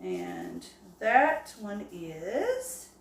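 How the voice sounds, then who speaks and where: Woman teacher, patient and encouraging, slow delivery, echoey classroom-style sound. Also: medium pitch, wildly swooping pitch. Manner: slow, encouraging, with drawn-out examples. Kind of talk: early-grade phonics lesson. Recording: echoey room.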